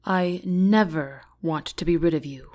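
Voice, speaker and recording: A man's voice: measured pace, darkish tone, natural voice. A woman voicing an emotional old army general. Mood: tearful. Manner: effusive, tearful and booming.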